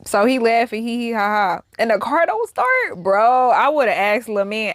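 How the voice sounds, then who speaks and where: A young woman reacts to clips in a casual, animated, slang-heavy way. She drifts between quiet reflective asides and loud exclamations. Her voice sits fairly high and sounds dry and close. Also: measured pace, hardly any pauses, no echo. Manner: animated, slangy, swings between soft musing and loud outbursts. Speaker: reaction vlogger.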